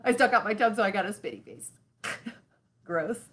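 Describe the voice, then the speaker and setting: A woman hosting a live children's lesson, talking straight to the kids in an expressive way full of sighs and exclamations. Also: mid-range voice, normal speed. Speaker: children's show host.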